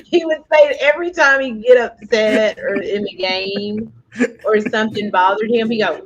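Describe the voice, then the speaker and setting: A woman's voice: a little high, normal speed, highs cut off. A woman co-hosting a casual chat, telling rambling stories with many fillers. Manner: rambling storyteller, many fillers, laughs often. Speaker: co-host.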